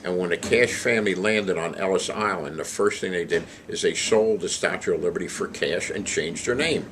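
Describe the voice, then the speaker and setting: A man telling anecdotes about a roast, animated and chuckling as he delivers the jokes. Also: sits low, normal speed, a little hiss or hum. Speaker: storyteller recalling a celebrity roast. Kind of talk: anecdotal storytelling.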